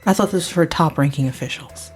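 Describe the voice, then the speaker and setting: Woman, tabletop game player, dry teasing humor, deep voice. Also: fast talker, faint music behind. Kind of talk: playful in-character game chat.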